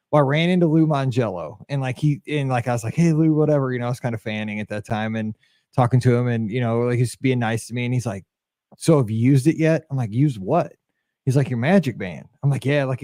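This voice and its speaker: A middle-aged man co-hosting a podcast, telling an animated story and acting out the quotes in casual chat. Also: medium pitch, no echo, studio quality. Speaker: podcast co-host.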